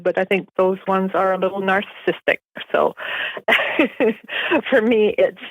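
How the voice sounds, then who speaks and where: A woman guest on an interview show telling personal stories in an animated way, laughing often. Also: lowish voice, no echo, dull audio. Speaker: guest author. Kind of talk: storytelling in a podcast interview.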